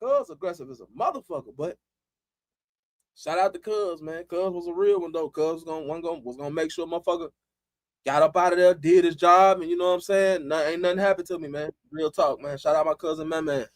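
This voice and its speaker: A Chicago man hosts a live stream, chatting loosely in profane street slang and laughing often. His voice is fairly high and brisk, with no echo.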